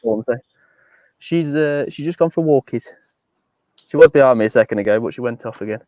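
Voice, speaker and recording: A man co-presenting a live show by video call, chatting in a relaxed, easygoing way. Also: medium pitch, fast, no echo. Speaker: co-presenter calling in from a campsite. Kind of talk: casual live-stream chat.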